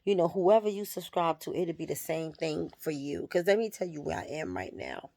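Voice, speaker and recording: A woman vlogging a candid personal spiritual reflection, soft-spoken and reflective, with pauses between phrases. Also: deep voice, expressive.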